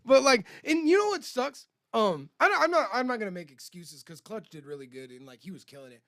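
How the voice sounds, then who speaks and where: Man, casual podcast chat, high voice, gravelly edge, rambling and profane, dry close sound. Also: big pitch swings, a little fast, fairly bright tone, no room sound. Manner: loose, profane, rambling with many restarts. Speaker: podcast co-host.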